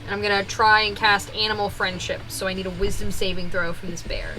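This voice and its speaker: A woman playing a tabletop game, excitable, who swears loudly when her rolls fail. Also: medium pitch, a little fast, heavy background noise. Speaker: player. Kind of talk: casual tabletop game play.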